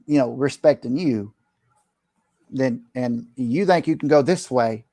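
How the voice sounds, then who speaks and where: A man's voice: mid-range voice, a little slow, dark tone, dry recording, studio quality. A middle-aged man, a preacher, talking earnestly in casual conversation, rambling with restarts and slipping into preachy advice.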